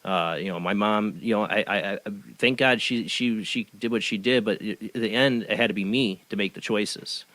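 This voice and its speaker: A man's voice: lowish voice, normal speed, hardly any pauses, fairly bright tone, no echo, poor audio. A middle-aged man hosting a podcast interview, talking earnestly with many stammered restarts. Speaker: podcast host. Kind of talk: casual conversational interview.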